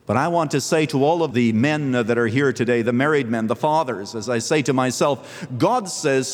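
A man's voice: medium pitch, normal speed. Man preaching in a reverberant hall. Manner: animated preaching, voice rising and falling sharply. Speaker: pastor. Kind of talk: sermon. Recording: long reverb of a large hall.

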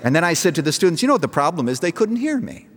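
A man's voice: on the high side, sing-song, racing, background noise. Middle-aged preacher guy telling a story then getting fired up, voice swings up and down a lot, big hall echo. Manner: storytelling preacher, rising to emphatic calls. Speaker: pastor. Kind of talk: sermon. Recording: long echo of a large hall.

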